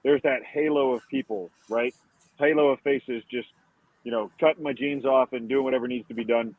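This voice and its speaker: A man's voice: medium pitch, steady tone, moderate pace, darkish tone, no room sound. A man guest on a podcast, telling stories with a joking, self-deprecating humor. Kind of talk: casual chat. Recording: tinny, dry phone line.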